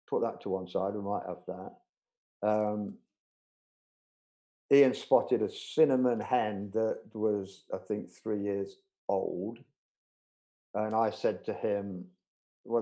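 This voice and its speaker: A middle-aged man, telling an animated anecdote in a casual live interview, acting out the voices of other people. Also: lowish voice, poor audio. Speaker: budgerigar breeder telling a story.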